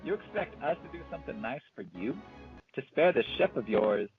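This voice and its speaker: A man's voice: medium pitch, expressive, brisk, phone-quality sound, faint music behind, pitched above the performer's own voice, natural voice. A man voicing a wry young male rebel hero who talks in a casual, incredulous, brash way.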